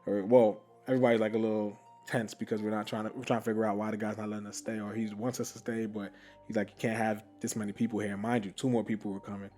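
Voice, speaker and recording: Man, podcast host, lowish voice, casual animated storytelling, frequent laughs, faint background music. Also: fast. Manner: animated, laughing often, many fillers.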